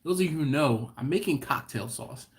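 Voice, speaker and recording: An expressive man of medium pitch hosts a barbecue channel's live-stream Q&A. Unhurried and laughing, he tells his stories while acting out what folks said to him.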